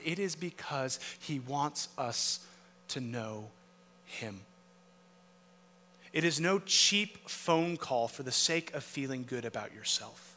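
Bright-voiced preacher in a reverberant hall. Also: male voice, fairly high pitch. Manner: emphatic, rhetorical questions, swings from loud to hushed. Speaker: pastor. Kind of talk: sermon. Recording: long reverb of a large hall.

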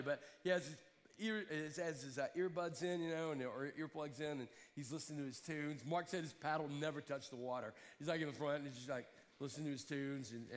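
A man's voice: a little high, fairly bright tone, big-room sound. A man from Alabama, telling a rambling story in a sermon with many restarts.

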